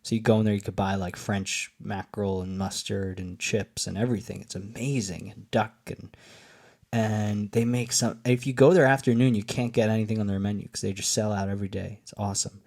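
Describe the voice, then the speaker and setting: Casual male podcast host, slightly low voice, meandering and a bit tipsy. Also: fairly even intonation, a little fast, gravelly, a little mellow. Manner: meandering, full of fillers and restarts. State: a little tipsy from wine. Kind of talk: rambling solo podcast monologue.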